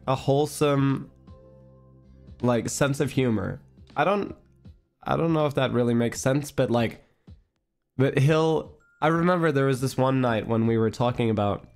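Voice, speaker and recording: A man streamer telling a story in a casual chat stream. He rambles, fills his talk with fillers, and giggles often. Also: medium pitch.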